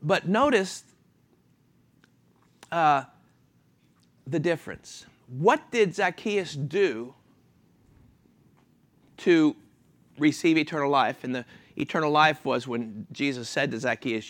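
Animated preacher man. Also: fairly high pitch, a little slow, pauses often. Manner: animated, asks questions and answers them, chuckles. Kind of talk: sermon with questions to congregation.

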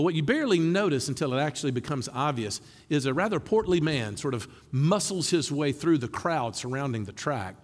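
A middle-aged man preaching a sermon in a church, earnest and animated, his voice rising for emphasis. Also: medium pitch. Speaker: pastor. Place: church sanctuary. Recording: long reverb in a large hall.

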